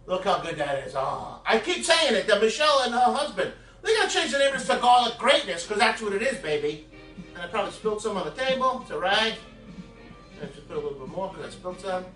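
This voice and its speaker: A man with a very high, bright voice hosts a casual home cooking video, rambling through crude jokes and asides to the viewers. He is caught from across an echoey kitchen, with faint music playing behind him. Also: big pitch swings, fast talker, recorded from a distance.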